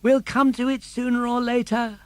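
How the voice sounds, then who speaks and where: A man's voice: normal speed, no room sound. An actor voicing a brave, eager young wooden puppet boy in an audiobook. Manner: high excited boyish voice. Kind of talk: audiobook character voice.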